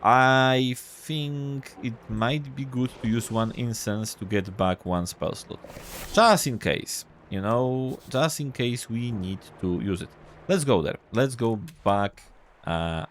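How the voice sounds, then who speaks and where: A man's voice: on the low side, unhurried, a little hiss or hum. A man casually thinking aloud and reading game text while playing a role-playing game. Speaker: gameplay streamer. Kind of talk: casual let's-play commentary.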